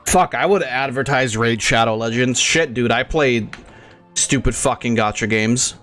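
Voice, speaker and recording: A young man chatting loosely over his gameplay, with a voice of middling pitch that drifts between topics. He talks crudely, swears freely, and rambles from one aside to the next. A faint bit of music sits underneath him. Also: a little slow, fairly bright tone. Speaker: gaming channel host. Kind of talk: casual gameplay commentary.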